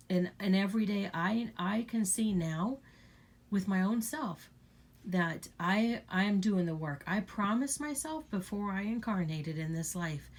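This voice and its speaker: A woman's voice: mid-range voice, normal speed, creaky, a little mellow. A woman giving an earnest, blunt spiritual talk to her viewers, repeating her points and swearing freely. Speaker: spiritual channel host.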